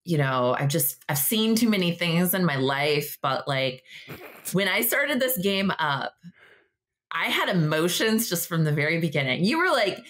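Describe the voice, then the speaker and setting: A young woman co-hosting a podcast, telling a story in casual chat, acting out quotes and jumping up in pitch when excited. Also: unhurried. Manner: animated storyteller, acts out quotes, jumps high when excited. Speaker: podcast co-host.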